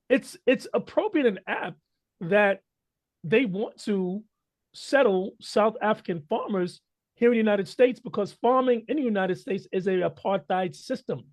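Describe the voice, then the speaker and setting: A high-pitched man speaks on a talk radio show as co-host. He lectures steadily and builds each point with figures and emphasis.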